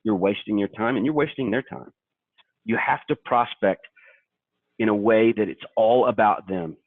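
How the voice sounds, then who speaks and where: A man's voice: lowish voice, normal speed, no room sound. A younger man from Kentucky coaching brokers in a sales webinar, talking emphatically. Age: young adult. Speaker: webinar co-host and sales trainer. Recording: tinny dry phone line.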